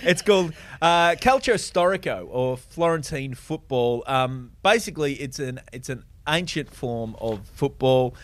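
Casual male panelist, loose and rambling, mid-pitched voice. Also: lively intonation, unhurried, few pauses. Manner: rambling explainer with many fillers. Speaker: podcast panelist. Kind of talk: casual chat.

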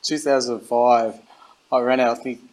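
A middle-aged Australian former rugby captain, speaking with a mid-range voice at normal speed, tells animated stories as a guest in a casual interview. He acts out quoted dialogue and restarts often, and the audio is poor.

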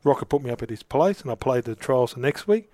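A man's voice: medium pitch, lively intonation, fast talker, warm tone, no echo. A middle-aged Australian man, an interview guest, telling long casual anecdotes with lots of restarts. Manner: rambling anecdotes with many restarts. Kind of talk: casual storytelling.

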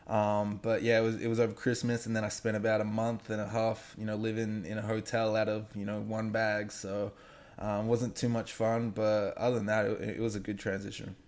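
A young man with a faded Australian accent talks in a low, flat, gravelly voice. He answers questions in an easygoing, unhurried way, stopping and restarting with lots of "um" and "you know". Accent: Australian, somewhat faded. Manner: laid-back, halting, many fillers. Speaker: guest athlete. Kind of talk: casual remote interview.

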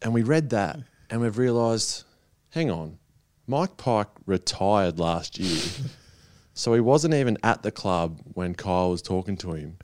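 A man's voice: fairly low pitch, lively intonation, unhurried, darkish tone, no room sound, studio quality. An Australian man, a guest in a casual chat, telling stories with chuckles. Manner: storytelling, chuckling, mimics others. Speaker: guest footballer.

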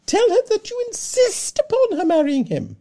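A woman voicing an excitable, flustered middle-aged mother who pleads in a high, loud voice. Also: moderate pace, exaggerated voice. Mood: frantic.

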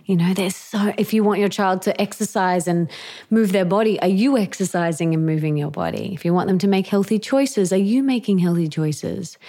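A woman's voice: medium pitch, normal speed. A woman author as an interview guest, talking in an earnest, emphatic way. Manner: earnest, emphatic, with lively acted quotes. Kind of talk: conversational interview.

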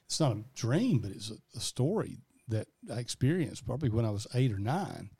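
A man's voice: mid-range voice, sing-song, fairly quick, gravelly, warm tone, husky. Man, podcast co-host, casual chat, rambling with restarts. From American South. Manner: rambling storyteller with many restarts.

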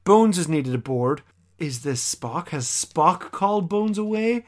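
Animated man recapping an episode. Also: a little high, measured pace. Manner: animated, acts out characters' lines mid-recap. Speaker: podcast co-host.

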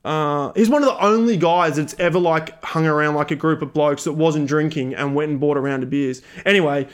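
A man's voice: a little high, a little fast. An Australian man in his thirties, a podcast host telling a rambling, casual story with lots of fillers and laughter.

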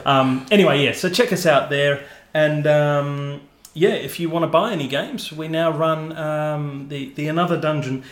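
A man's voice: fairly high pitch, moderate pace, reverberant, a little hiss or hum. A man hosting a casual podcast, chatty and self-mocking, with a lot of fillers. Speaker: podcast host.

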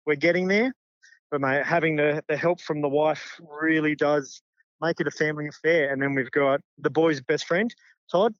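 A man's voice: on the high side, fairly even intonation, moderate pace, no echo, lo-fi sound. A middle-aged Australian man, a junior football coach, talking sincerely in a casual interview. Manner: sincere, heartfelt.

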